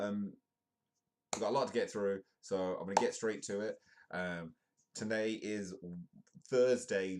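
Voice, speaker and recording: A man's voice: sits low, a little mellow. A young British man hosting a live-streamed comedy news show, chatty and self-mocking, waffling on between topics. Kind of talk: rambling casual live-stream chat.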